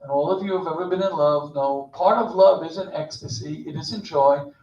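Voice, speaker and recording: An older man preaches a loose, humorous sermon, throwing in playful asides. His voice sits a bit high and carries from some distance. The recording is dull and roomy, like a sanctuary. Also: normal speed. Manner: storytelling, jokey, animated, acts out voices. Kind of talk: informal sermon. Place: synagogue sanctuary.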